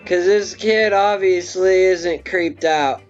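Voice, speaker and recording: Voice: medium pitch, slow pace. A drunk film reviewer rambling through a profane comic plot recap. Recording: dull lo-fi with faint music.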